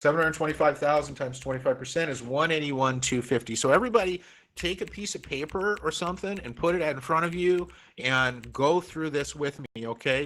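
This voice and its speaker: A man's voice: fairly high pitch, a little fast, fairly bright tone. A middle-aged man from Oregon teaching a real estate class online, coaxing students through the math with repeated, encouraging phrases.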